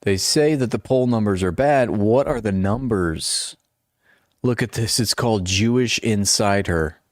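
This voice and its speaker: Sarcastic low-voiced male streamer. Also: measured pace, no echo, clean studio sound. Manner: sarcastic, mocking asides with frequent laughs. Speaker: political commentary streamer. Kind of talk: live-stream commentary, reading articles aloud.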